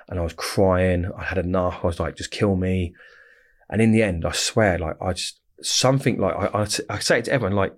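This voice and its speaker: A man, bluntly telling his story in a casual interview, swearing often and rambling. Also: low-pitched. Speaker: interview guest.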